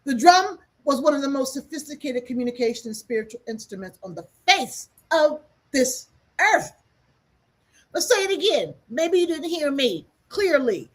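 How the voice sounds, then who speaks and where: A woman's voice: high-pitched, sing-song, moderate pace. A woman teaching in an impassioned, emphatic way on a livestream, repeating phrases for effect. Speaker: spiritual teacher hosting a livestream. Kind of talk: impassioned spoken lesson.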